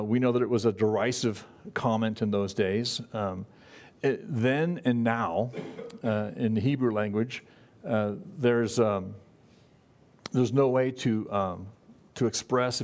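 A man preaching a conversational Bible-study sermon as pastor, in a folksy, halting way with frequent fillers and restarts. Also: on the low side, darkish tone.

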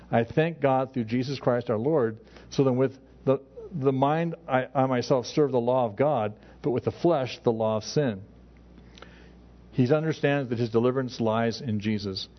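A middle-aged man preaching a sermon in a conversational way, often restarting his phrases and quoting scripture. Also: medium pitch. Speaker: pastor. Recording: dull lo-fi recording.

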